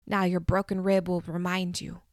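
A woman's voice: on the low side, flat delivery, moderate pace, no echo, studio quality, lightly acted. A woman voicing a small, menacing girl who speaks with cold contempt in a storybook reading. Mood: scornful. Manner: contemptuous, threatening.

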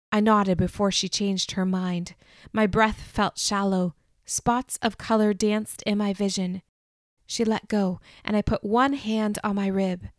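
A woman reading a novel aloud in first person, measured and expressive. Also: mid-range voice, no room sound, studio quality. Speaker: audiobook narrator. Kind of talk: first-person storybook narration.

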